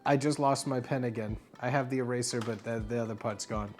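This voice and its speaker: A streamer plays a bartender for laughs, rambling and playful, with plenty of fillers. The pitch sits in the middle range. Soft music runs quietly underneath. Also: steady tone, fairly quick. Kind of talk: comedic livestream bartending bit. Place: home streaming setup.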